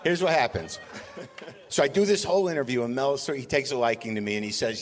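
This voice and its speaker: A man doing live comic storytelling, animated and rapid-fire, acting out the dialogue. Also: mid-range voice, big-room sound. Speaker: guest comedian.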